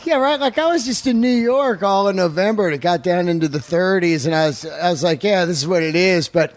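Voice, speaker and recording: A man hosts his own podcast in a fairly high voice and talks loosely, swearing freely as he rambles through sponsor reads and chat. The close mic gives a dry sound with no room in it. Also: a little fast, dry recording. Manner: profane, rambling, enthusiastic. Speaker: podcast host and comedian. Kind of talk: casual podcast talk and ad reads.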